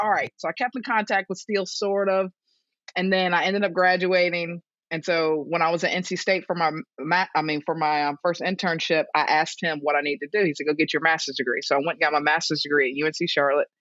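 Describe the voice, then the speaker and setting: A thirty-something woman whose voice sits low talks at a quick pace as a guest on a casual interview, where she's a strength and conditioning coach telling stories. She laughs a lot and lively imitates others' lines in a raised voice, on dull, dry lo-fi audio.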